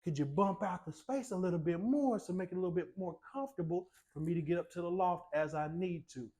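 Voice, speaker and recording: A man voicing a customer who asks for roomier stairs, in a slightly higher voice than his own. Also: fast, mellow, close to an everyday voice. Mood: pleading. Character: less mobile adult customer asking for roomier stairs.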